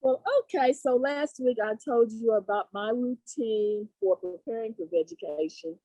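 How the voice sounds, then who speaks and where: A woman's voice: fairly high pitch, moderate pace, warm tone, no echo, rough recording. A woman presenting a podcast segment in a chatty, giggly way. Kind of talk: casual chat.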